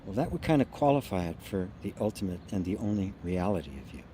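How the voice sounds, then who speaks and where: Low mellow guy hosting a live satsang, slow and soft, trails off quiet, faint hiss behind. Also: lively intonation. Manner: slow, soft and reflective, often trailing off quietly with gentle laughs. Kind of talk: live-stream talk answering chat comments.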